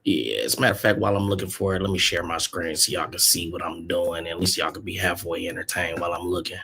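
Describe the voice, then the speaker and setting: A man's voice: low-pitched, quick pace, vocal fry, bright, forceful tone, slightly rough. A man hosting a casual livestream chat, thinking aloud at his computer and putting probing questions to his guests. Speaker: host. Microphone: desk mic at a computer.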